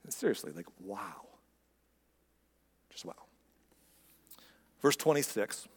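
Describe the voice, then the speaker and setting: Conversational preacher in a reverberant hall. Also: male voice, medium pitch, big pitch swings, moderate pace, pauses often, a little mellow, husky. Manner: conversational, emphatic, asks rhetorical questions. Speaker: pastor. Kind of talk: sermon.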